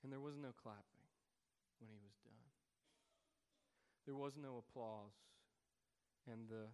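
A man's voice: medium pitch, unhurried, a little mellow, smooth. Earnest preacher man in a reverberant hall. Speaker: pastor. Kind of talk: sermon. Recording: long reverb of a large hall.

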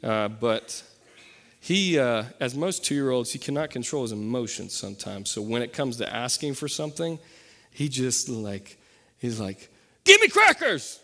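A young man preaching a sermon as pastor, talking in a loose, conversational way with fillers and quick self-corrections. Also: mid-range voice. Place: church sanctuary. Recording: long reverb from a hall.

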